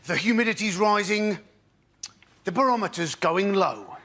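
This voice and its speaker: A man's voice: high-pitched, expressive, normal speed, fairly bright tone, some chatter behind. A man on a comedy panel show, delivering gags in a mock weather-forecaster manner. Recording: clear studio audience and noise.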